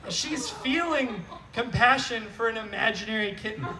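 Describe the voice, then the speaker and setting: A crowd murmurs behind a high-voiced pastor preaching outdoors at a moderate pace, his voice reaching the mic from a distance. He keeps things animated and playful, talking conversationally and frequently asking "right?"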